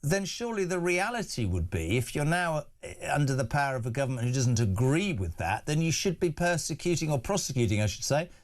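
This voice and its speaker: A man's voice: fairly high pitch, sing-song, a little fast, hardly any pauses. A man hosting a live radio phone-in from a studio, chatty and reading listener messages aloud with frequent "uh" fillers.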